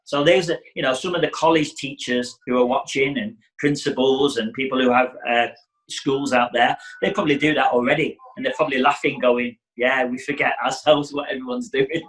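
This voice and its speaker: A man's voice: medium pitch, fairly even intonation, fairly quick, fairly bright tone, rough recording. A middle-aged man, a hairdressing educator giving a casual teaching talk and acting out client exchanges. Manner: chatty, acts out client dialogue.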